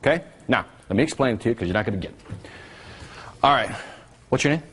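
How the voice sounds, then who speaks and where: A man giving a live marketing seminar, animated and teasing, drawing call-and-response from his audience. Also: medium pitch, fast talker, husky.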